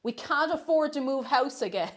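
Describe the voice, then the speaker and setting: Pitched high and expressive, this young woman's voice moves at a moderate pace. She's baking in her home kitchen on a casual livestream, chatty and playful, and she slips into baby talk when she coos to a cat.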